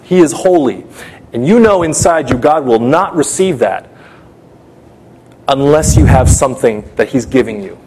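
A man's voice: medium pitch, animated, normal speed, long pauses, darkish tone, slight background noise. A man preaching an urgent sermon, speaking straight to his listeners and telling a personal story with a lot of drama.

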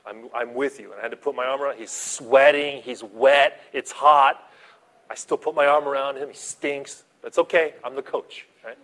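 A man preaching a sermon as a pastor, animated, swinging between soft asides and loud emphasis. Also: medium pitch, fast talker, few pauses.

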